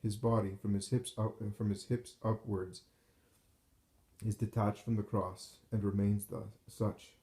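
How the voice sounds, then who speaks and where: A man reading a devotional text aloud in a slow, solemn, measured way, recorded in a roomy space with echo. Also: lowish voice, little pitch movement, warm tone. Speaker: narrator.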